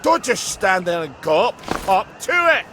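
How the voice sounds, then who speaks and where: An actor playing a crude, rowdy townsman in a video game, shouting coarse insults. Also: high voice, sing-song, noisy background. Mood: jeering. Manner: coarse, bellowing, drawn-out. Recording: game audio over loud music.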